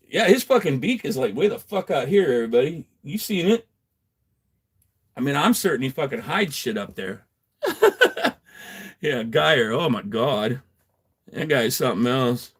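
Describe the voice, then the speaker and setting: A man's voice: medium pitch, breathy edge. A man livestreaming from his garage, chatting casually with viewers in a rambling, profane way, laughing often and answering chat. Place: home garage.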